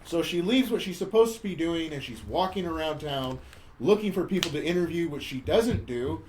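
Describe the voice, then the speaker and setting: A man's voice: a little high, lively intonation, moderate pace, slight background noise, rough recording. A man co-hosting a podcast, casually retelling a film plot in a wry, mocking play-by-play, often stumbling and repeating words. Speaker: podcast co-host. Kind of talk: casual chat recapping a film.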